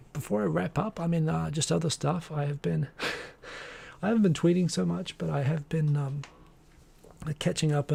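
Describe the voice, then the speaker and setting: A man's voice: a little high, creaky, warm tone, husky. A man hosting a live stream, chatting casually and rambling with frequent restarts. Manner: rambling, restarts often, chuckles. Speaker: host of a weekly live show.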